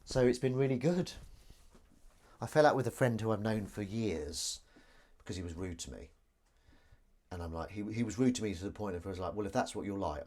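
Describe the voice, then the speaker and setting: A man's voice: fairly low pitch, darkish tone. A man, hosting a casual live stream from his home kitchen. He talks in a rambling, self-deprecating way, addressing his viewers and his cat while he washes up. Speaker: livestream host.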